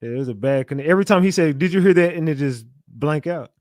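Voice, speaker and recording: A man hosting a call-in stream, talking bluntly with frequent swearing and thinking out loud. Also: on the high side, expressive, quick pace, no echo, studio quality. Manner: blunt, profane, thinks aloud. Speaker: show host. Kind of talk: casual live-stream talk with callers.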